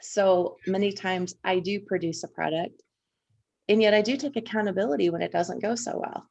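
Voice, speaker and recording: A woman's voice: medium pitch, normal speed, gravelly, darkish tone, muffled recording. A woman from Indiana, co-hosting a podcast, reflecting in casual conversation and telling personal stories at length. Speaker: podcast co-host.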